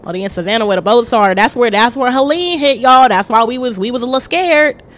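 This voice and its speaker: A woman streamer, loudly and brashly joking while she plays a game live. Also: fairly high pitch, lively intonation, fast.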